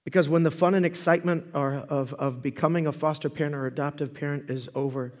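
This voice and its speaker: Male preacher, high voice, animated storyteller swinging loud to hushed; reverberant hall sound. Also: quick pace. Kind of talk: sermon.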